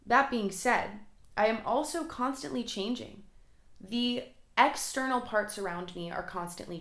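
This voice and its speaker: A young woman hosting her own podcast, talking fast and excitedly in a chatty way. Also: medium pitch. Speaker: podcast host. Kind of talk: casual solo podcast talk. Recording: roomy echo.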